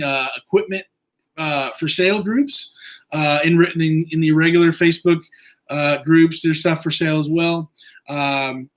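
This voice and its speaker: Male livestream host, slightly high voice, halting and filler-heavy. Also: fairly bright tone. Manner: rambling, halting, many fillers. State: eye irritated from injury. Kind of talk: casual livestream chat.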